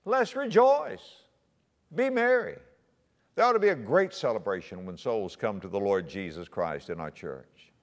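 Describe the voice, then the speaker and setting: Lively-voiced preacher in a reverberant hall. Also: male voice, low voice, normal speed. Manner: earnest, exhorting, rises to emphatic peaks. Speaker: pastor. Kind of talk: teaching sermon.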